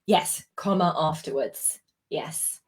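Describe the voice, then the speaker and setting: A woman's voice: deep voice, slow pace, husky. A woman with a British accent teaching exam writing in a live session, patient and explaining with examples, with frequent ums. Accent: British English. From Britain. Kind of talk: live online tutoring session.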